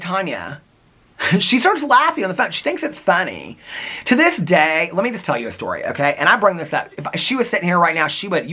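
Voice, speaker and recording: A man vlogging on his front porch, telling a rambling story in a chatty, casual way with quick asides. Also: medium pitch, pushed and bright, slightly rough.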